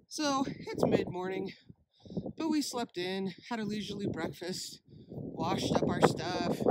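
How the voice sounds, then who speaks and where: Hiking vlogger, man, high voice, admiring scenery, noisy outdoor handheld camera audio. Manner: admiring, exclaiming over scenery. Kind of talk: handheld outdoor vlog narration. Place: outdoors on a high mountain trail.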